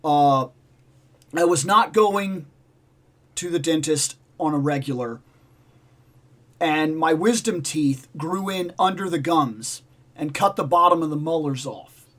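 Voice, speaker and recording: Chatty man with a fairly high voice. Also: takes it slowly, pauses often, fairly bright tone. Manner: rambling, repeats himself, acts out dialogue. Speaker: livestream host. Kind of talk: casual storytelling chat.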